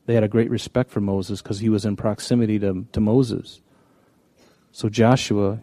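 A man's voice: lowish voice, little pitch movement, normal speed, dark tone, no room sound. A man preaching a conversational sermon, telling stories in a folksy way with frequent restarts. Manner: folksy, storytelling, many restarts. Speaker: pastor.

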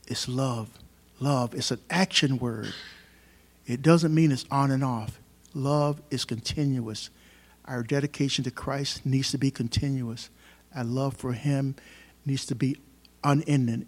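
A man preaching a sermon to his congregation in a church, emphatic and swinging between loud stresses and quiet asides. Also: medium pitch, husky. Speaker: pastor. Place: church hall.

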